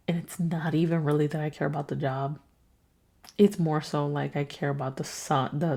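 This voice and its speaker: A young woman hosts her own podcast while sick, her voice gravelly and husky with a dark, mellow tone. She talks in a weary, frank way and swears freely as she vents about her life. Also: fairly low pitch. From New York. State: sick, congested. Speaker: podcast host. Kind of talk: casual solo podcast venting.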